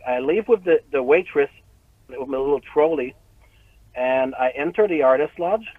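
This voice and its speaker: A man casually telling a long story, animated and profane, often laughing as he talks. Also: medium pitch, no room sound, narrow, tinny audio.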